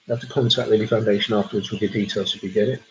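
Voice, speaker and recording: A man hosts a charity pub quiz livestream, chatting and reading donors' messages between questions. His voice sits on the low side with a steady tone, and he talks very fast. The audio is dull, with slight background noise.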